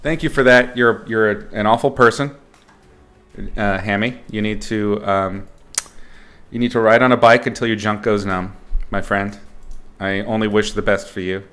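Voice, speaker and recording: A man's voice: lowish voice, fairly even intonation, normal speed, pauses often, fairly bright tone. A man teaching art on a livestream in a casual, playful way, joking and swearing as he rambles. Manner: rambling, with fillers and restarts. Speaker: art instructor streaming.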